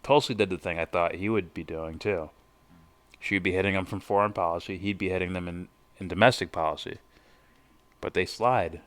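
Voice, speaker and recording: A man's voice: sits low, fairly even intonation, moderate pace, no room sound. A man hosting a live stream, casually reacting and reading viewer comments aloud with loose, profane asides. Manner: loose, profane, thinking out loud.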